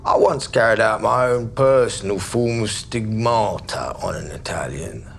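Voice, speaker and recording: An actor playing a volatile, menacing gangster baker in a crime drama, mocking one moment and threatening the next. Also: male voice, mid-range voice, measured pace, natural voice. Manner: mocking, swings between jovial and menacing. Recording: steady background noise.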